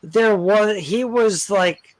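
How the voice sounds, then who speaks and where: A man's voice: sits high, slow pace, no room sound, low-quality recording. A man on a group video call, talking casually, swearing and stammering through restarts.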